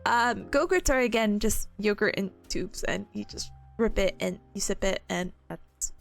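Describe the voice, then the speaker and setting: A woman's voice: mid-range voice, a little slow, gravelly, faint music behind. A young woman streamer chatting casually with her viewers, giggling often and slipping into playful silly voices. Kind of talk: casual live-stream chat.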